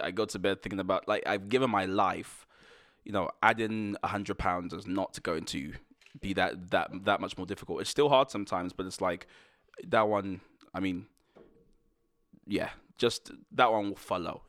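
A man's voice: low voice, fairly even intonation, moderate pace, a bit bright, no room sound, studio quality. A man hosting a faith podcast, talking earnestly and rambling a little with restarts and small jokes. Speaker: podcast host. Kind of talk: casual faith podcast chat.

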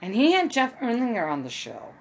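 A woman's voice: a little high, wildly swooping pitch, a little fast, slight background noise. A woman casually talking over a played video clip, rambling and repeating its lines as she speaks about doing voices. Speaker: amateur voice impressionist.

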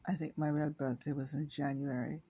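A woman in her sixties from Ireland, reading her own story aloud in a slow, halting way with small self-corrections. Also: deep voice, little pitch movement, warm tone, breathy edge. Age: 60s.

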